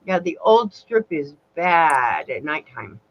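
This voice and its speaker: A woman's voice: low voice, very animated, takes it slowly, highs cut off. A woman in casual chat, dropping blunt, wry remarks.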